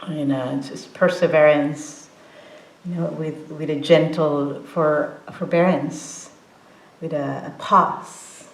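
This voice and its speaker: A woman in her forties gives a casual meditation talk in a roomy hall. Her voice sits low and she moves slowly, pausing on fillers and restarting phrases. She laughs easily as she talks. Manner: halting, many fillers and restarts, laughs often. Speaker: meditation teacher. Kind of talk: informal dharma talk.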